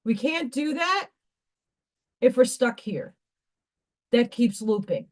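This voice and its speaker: A woman hosts a casual live stream and speaks in a slow, unhurried way. Her voice sits a little high. She preaches about inner change with heated conviction and swears freely. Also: animated. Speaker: livestream craft host.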